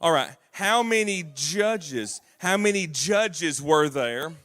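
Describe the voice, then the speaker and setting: A man's voice: on the high side, lively intonation, slow pace, fairly bright tone. Southern man quizzing kids in church. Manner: patient, prompting, encouraging. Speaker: Bible class teacher. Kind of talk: quizzing children at a church service. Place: church auditorium.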